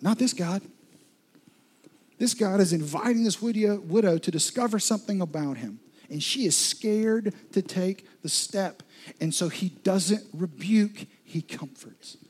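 Man, pastor, sermon, husky voice, slightly high pitch, dramatic loud-to-whisper swings, direct questions to listeners. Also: unhurried.

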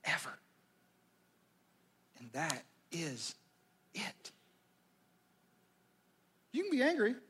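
A middle-aged male pastor preaching a conversational, dramatic sermon, dropping from loud to near-whisper. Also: fairly high pitch, wildly swooping pitch, extremely slow, long pauses, slightly rough.

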